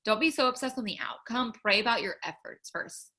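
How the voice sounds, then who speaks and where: A woman's voice: a little high, animated, a little fast, sharp tone, slight background noise. A young woman hosting a livestream and chatting earnestly to viewers about faith, full of fillers as she urges them on. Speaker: livestream host sharing faith encouragement. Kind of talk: casual faith talk to viewers.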